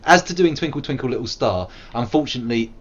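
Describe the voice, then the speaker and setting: British man, game streamer, rambling jokey chat, lively swooping pitch, dull sound with faint noise. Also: quick pace, breathy edge. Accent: British English. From England. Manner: joking, rambling, bursts into silly growls and sung bits. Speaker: streamer playing a game live. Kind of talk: casual live-stream commentary.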